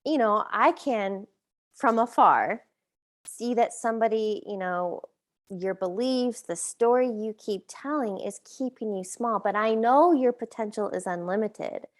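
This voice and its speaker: A woman's voice: fairly high pitch, unhurried. Reflective woman host. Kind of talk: interview conversation.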